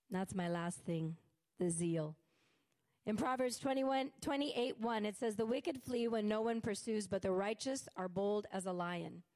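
Woman preacher, slightly high voice, fervent sermon delivery, leans hard on key words. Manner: fervent, emphatic, slows down to stress words.

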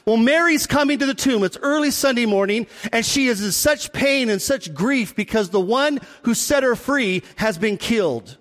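High-voiced man preaching in a reverberant hall. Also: moderate pace, few pauses. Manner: animated storytelling, acts out voices. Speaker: pastor. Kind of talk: sermon.

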